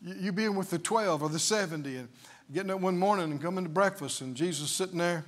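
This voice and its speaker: A man's voice: high voice, fast talker. A male preacher delivering a sermon emphatically, full of rhetorical questions.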